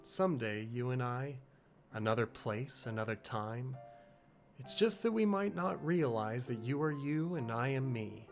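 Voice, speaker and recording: Man voicing a young female thief, put-on Australian accent, heartfelt drawl, mid-pitched, soft music underneath. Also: very animated, unhurried, gravelly. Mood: wistful. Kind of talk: reading game dialogue aloud.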